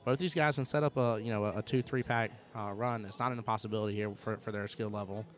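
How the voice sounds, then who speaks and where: A man's voice: lowish voice, fairly even intonation, fast. A man commentating a pool match live, chatty and conversational, often checking in with his co-host. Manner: chatty, fills with "right?" and "like".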